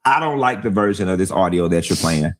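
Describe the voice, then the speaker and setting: A man's voice: deep voice, animated, brisk. A man on a heated panel discussion, speaking bluntly and emphatically, repeating his points for force. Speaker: livestream host and commentator.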